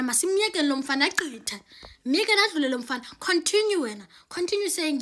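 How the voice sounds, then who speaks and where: A woman's voice: high voice, expressive, normal speed, sharp tone. A South African woman in a casual clip, talking playfully and mixing English with Xhosa phrases. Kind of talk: casual social media clip.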